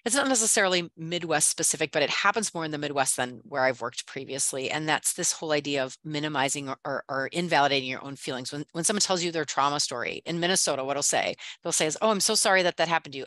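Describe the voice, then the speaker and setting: Quick, bright-voiced session facilitator. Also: mid-range voice, dry recording. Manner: animated, acts out quoted remarks. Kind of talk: clinical teaching discussion. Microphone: video call.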